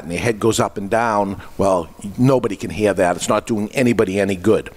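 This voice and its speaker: A man's voice: on the low side, a little fast. A man hosting a podcast, giving an instructional talk in an explanatory way with frequent restarts mid-phrase. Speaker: podcast host. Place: podcast studio.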